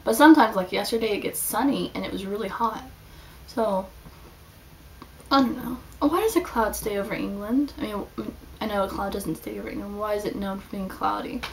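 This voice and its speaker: A woman's voice: mid-range voice, a little fast, vocal fry. A young woman chatting casually in a video diary, rambling with lots of "like" as she tells her week. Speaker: student vlogger. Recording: slightly distant mic, faint background hiss.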